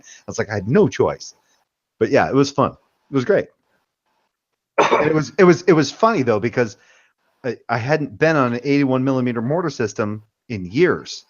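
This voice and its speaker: A man's voice: medium pitch, lively intonation, normal speed, lo-fi sound. A man, a military veteran, telling rambling stories in casual chat and swearing freely. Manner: rambling storytelling with profanity. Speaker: veteran panelist.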